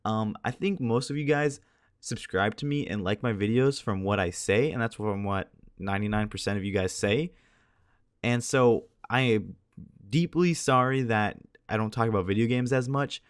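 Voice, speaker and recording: A teenage guy rambles through casual video commentary, his low voice tired and a little scratchy. He talks in a chatty, meandering way and keeps it loose and self-amused. The sound is dry and close, with no room around it. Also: normal speed, smooth, no echo. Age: teens. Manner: chatty, rambling, laughs at himself. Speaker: gameplay commentator.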